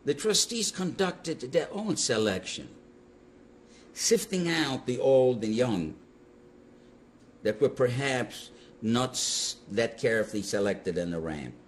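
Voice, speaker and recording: An older man telling his story in an interview, animated and halting, with restarts mid-sentence. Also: mid-range voice, slight background noise. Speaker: Holocaust survivor giving testimony. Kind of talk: interview testimony.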